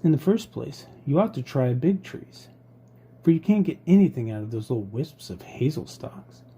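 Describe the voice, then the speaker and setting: A man voicing a cheerful, mocking male woodpecker in a storybook reading, speaking high and loud with glee. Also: sing-song, moderate pace, slightly rough, heavily acted. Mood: gleeful. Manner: gleeful, laughing, high and loud.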